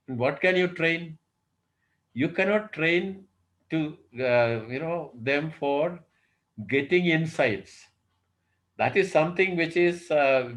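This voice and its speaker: Professor lecturing, full of fillers. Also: male voice, medium pitch, low-quality recording. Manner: unhurried, thinks aloud with many "uh, you know" fillers and rhetorical questions. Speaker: professor giving a workshop lecture. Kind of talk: online lecture. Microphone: video call.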